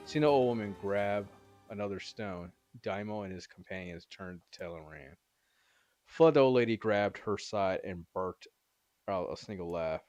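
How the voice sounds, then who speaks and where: A deep-voiced man reads a novel aloud. He goes haltingly, pausing to correct misread words. Faint music plays behind him. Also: lively intonation, a little mellow, no room sound, studio quality. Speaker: reader.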